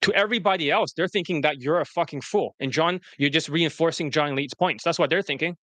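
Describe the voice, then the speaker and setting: A man's voice: a little high, fast, a bit bright, no room sound. A man hosting a livestream as a dating coach, talking in a blunt, profane, scornful way. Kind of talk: casual livestream commentary.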